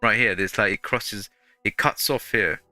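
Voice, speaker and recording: A man's voice: lowish voice, normal speed, sharp tone, no room sound, faint music behind. A man hosting a gaming channel, chatting casually through gameplay in a rambling way full of fillers.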